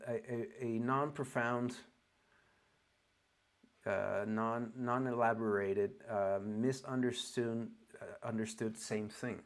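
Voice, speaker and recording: A man with an Oregonian accent and English learned as a second language gives a loose spoken lesson as a spiritual teacher, halting and searching for words with frequent restarts. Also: mid-range voice. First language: not English.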